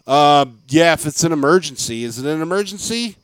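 A man's voice: on the high side, expressive, brisk, clear, resonant tone, no echo. A man co-hosting a podcast, telling rambling comic stories in casual chat and acting out office conversations. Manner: rambling storyteller, acts out office exchanges. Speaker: podcast co-host.

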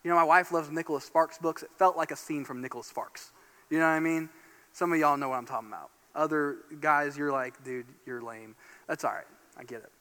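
A man from Northeast Indiana preaching a sermon as pastor, telling a story in an animated, excitable way. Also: on the high side, quick pace, clean tone. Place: church sanctuary. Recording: long church hall reverb.

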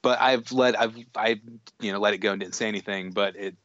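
A man co-hosting a podcast in casual chat, halting often with fillers and restarts. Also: on the low side, steady tone, fairly bright tone, dry recording. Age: adult. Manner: hesitant, restarts and fillers, chuckling. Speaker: podcast co-host. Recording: dull lo-fi dry sound.

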